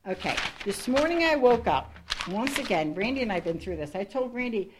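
A woman's voice: a little high, big pitch swings, brisk, noisy background. A woman missionary telling her story to a congregation in an earnest, rambling way, restarting sentences and laughing at herself. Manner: rambling, with frequent restarts and asides. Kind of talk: personal testimony to a congregation.

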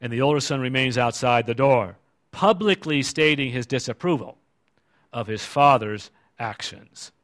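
A man preaching in an easy, conversational way, his pitch sitting right in the middle. He keeps turning to the congregation with rhetorical questions as he explains the passage. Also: normal speed, fairly bright tone. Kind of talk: sermon.

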